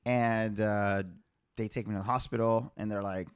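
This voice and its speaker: A young man hosting a podcast, telling a story in a loose, animated way, laughing often and leaning on filler words. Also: lowish voice, normal speed, clear, resonant tone, no room sound, studio quality. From Hispanic family background. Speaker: podcast host. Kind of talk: casual storytelling chat.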